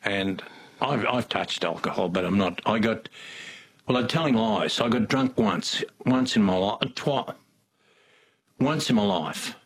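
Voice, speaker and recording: Older Australian man, interview guest; husky, lowish voice, rambling folksy yarns full of restarts. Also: unhurried. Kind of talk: casual storytelling.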